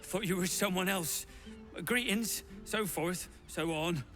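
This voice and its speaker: A man's voice: high voice, slow pace, fairly bright tone, faint music behind. A man voicing a flustered, formal-speaking figure at an inn in a fantasy video game.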